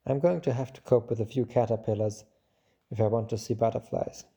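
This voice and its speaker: A man voicing a proud, gentle flower girl. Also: medium pitch, steady tone, fairly quick, breathy edge. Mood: tender, proud. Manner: soft and gentle, with a proud edge. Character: proud, delicate female flower, tender and stubborn.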